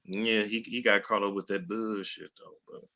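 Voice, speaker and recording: Laid-back low-voiced man, bright tone. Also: steady tone, normal speed. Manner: laid-back, slangy, chatty. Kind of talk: casual chat.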